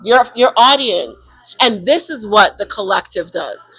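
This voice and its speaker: A woman co-hosting a podcast, talking emphatically and acting out quick inner monologues. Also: medium pitch, animated, fairly bright tone, husky, no echo, rough recording. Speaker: co-host. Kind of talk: animated podcast conversation.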